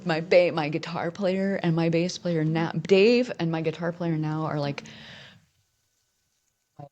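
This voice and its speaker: A woman in her fifties with a notably low speaking voice, guesting on an interview. She talks candidly and loosely, circling back and restarting her sentences as she shares her life story. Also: measured pace, darkish tone, lo-fi sound. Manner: candid, rambling, with many restarts. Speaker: musician guest.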